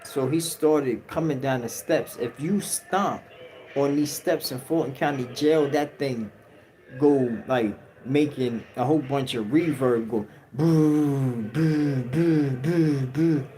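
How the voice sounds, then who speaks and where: A man's voice: medium pitch, measured pace, a little mellow, a little hiss or hum, low-quality recording. A man telling a story on a livestream in a casual, slang-heavy way. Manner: slang-heavy, acts out quotes. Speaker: livestream host.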